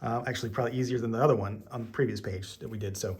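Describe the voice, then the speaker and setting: A man's voice: medium pitch, steady tone, racing. A man giving an online piano lesson, explaining each step patiently with plenty of ums and okays. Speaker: piano teacher. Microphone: camera mic.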